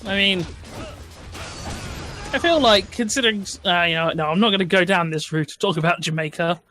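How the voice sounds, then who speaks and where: A man's voice: high-pitched, brisk, sharp tone, no echo. A man talking casually with friends during a game session, rambling and laughing often. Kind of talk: casual chat.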